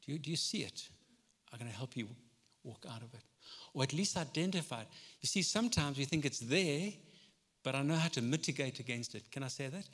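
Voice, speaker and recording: A man preaching a sermon as pastor in a conversational way, swinging between loud and soft passages. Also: medium pitch, expressive, a little fast. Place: church hall. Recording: long hall reverb.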